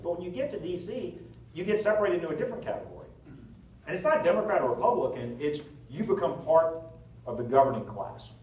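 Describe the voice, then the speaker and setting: A man, a political candidate, answering at a town hall meeting, telling anecdotes with jokes in a lively storytelling manner. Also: a little high, distant mic, a little hiss or hum. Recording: echoey hall recorded from afar.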